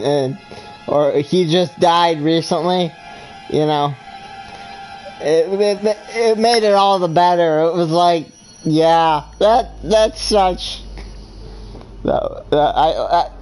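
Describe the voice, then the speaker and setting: A podcast co-host in casual chat who speaks haltingly, with repeated false starts. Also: mid-range voice, a little mellow, faint music behind, low-quality recording.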